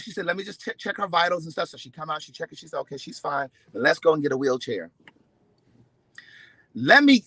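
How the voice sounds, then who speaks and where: A man with a high, very bright voice tells a story to his camera in an animated way, with plenty of profanity. He acts out the lines of each person in it. The sound is close and dry. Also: dry recording, rough recording. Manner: expressive, profane, acts out quotes with big swings in loudness. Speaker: vlogger.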